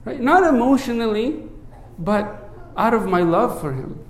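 A man who is a priest, preaching a sermon in an earnest way, often checking in with "right?" and dropping low and soft when he recites a prayer. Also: big pitch swings, unhurried, echoey room, slight background noise. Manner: earnest, asks many rhetorical "right?" checks.

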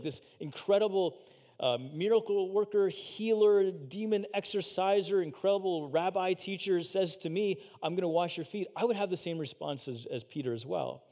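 A man preaching a sermon in a relaxed, chatty way, full of "like" and restarts. His voice sits a bit high for a man. The sound rings with the long reverb of a big church hall. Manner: casual, filler-heavy preaching with acted-out quotes. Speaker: pastor.

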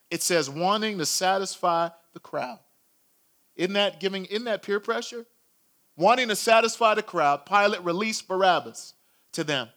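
Man, sermon, high pitch, dramatic storytelling. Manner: dramatic storytelling, acting out crowd shouts, dropping to a hush. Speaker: preacher.

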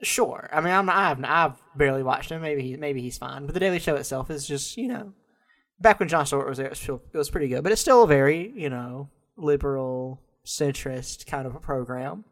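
A man's voice: on the high side, fairly quick, fairly bright tone. A man co-hosting a podcast, chatting jokingly and often laughing as he talks. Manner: laughs often, jokey, trails off into mumbles. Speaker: podcast co-host. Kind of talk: casual comedic political chat.

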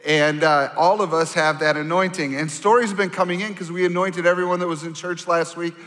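A male pastor preaching a sermon to his congregation in an animated, conversational way, asking the audience to turn to their neighbors. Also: fairly high pitch, a little fast. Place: church sanctuary. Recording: long hall reverb.

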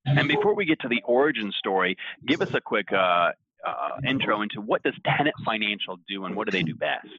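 A man co-hosting a business podcast, introducing a guest and asking questions in an energetic manner. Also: lowish voice, fairly quick, slightly rough, no room sound. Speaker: podcast co-host. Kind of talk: upbeat show hosting. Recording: dull lo-fi sound.

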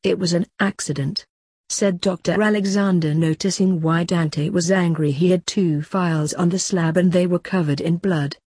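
A woman narrating a dark fantasy story in a plain, steady reading voice. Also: lowish voice, moderate pace, hardly any pauses, slightly rough, no room sound.

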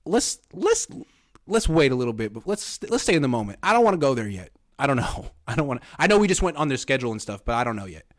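A man's voice: mid-range voice, sing-song, very fast, hardly any pauses. A young adult man hosting a podcast in an easygoing casual way, reading viewer comments aloud. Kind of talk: casual chat.

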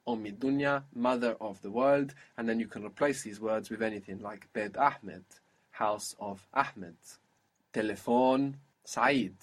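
A man teaching a one-on-one spoken language lesson, patiently explaining and modelling words slowly. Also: on the low side.

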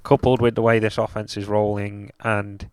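A man's voice: fairly low pitch, little pitch movement, normal speed, a little mellow, smooth, no echo. A man co-hosting a casual sports podcast, teasing his friends and slipping into mock voices for jokes. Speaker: podcast co-host.

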